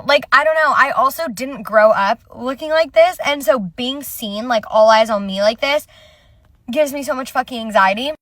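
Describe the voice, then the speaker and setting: A woman's voice: fairly high pitch, fairly bright tone, no room sound. A young woman ranting casually and brashly to camera, swearing often. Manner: brash and profane, frequently swearing. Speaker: TikTok creator. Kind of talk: casual selfie rant.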